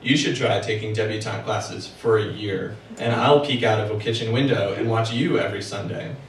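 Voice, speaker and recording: A man reading aloud, voicing a dry, deadpan young debutante in his own everyday voice. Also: lowish voice, moderate pace, far from the mic, slight background noise, natural voice. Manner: dry, flat delivery. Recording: echoey room, heard from afar.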